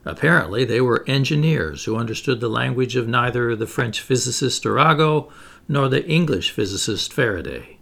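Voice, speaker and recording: A man reading an audiobook in an expressive, measured storytelling voice. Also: medium pitch, gravelly. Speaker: audiobook narrator. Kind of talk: scripted audiobook narration.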